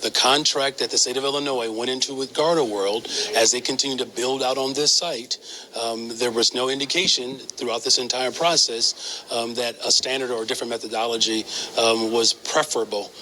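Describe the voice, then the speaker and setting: A man gives a measured press briefing statement, pausing often on fillers. His voice is bright and forceful, with faint room noise behind him. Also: medium pitch, fairly even intonation, low-quality recording. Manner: measured, many filler pauses. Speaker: public official at a press briefing.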